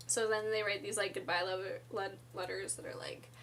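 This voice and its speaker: A woman's voice: medium pitch, brisk, few pauses, a bit bright, slight background noise. A woman casually recapping a musical's story for her vlog, rambling with lots of "like" and fillers and giggly asides. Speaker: musical theatre vlogger.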